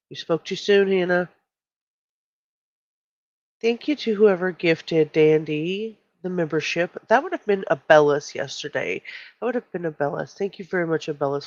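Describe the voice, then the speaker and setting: A woman's voice: sits low, no room sound. A woman hosting a true crime live stream, greeting viewers in a loose, chatty way and often breaking into giggles. Her voice sits mid-range. The sound is dry and a little dull, like a home mic.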